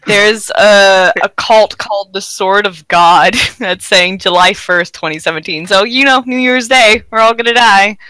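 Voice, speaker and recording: Bright-voiced laughing woman hosting. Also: medium pitch, measured pace, few pauses, clean tone, dry recording, low-quality recording. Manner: laughs often, relaxed and playful. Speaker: host. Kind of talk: casual panel chat.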